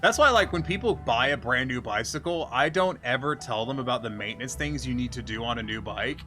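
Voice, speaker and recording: A man's voice: mid-range voice, animated, a little fast, bright, forceful tone, faint music behind. A man streaming and telling a story in a casual chat style, ranting with lots of profanity.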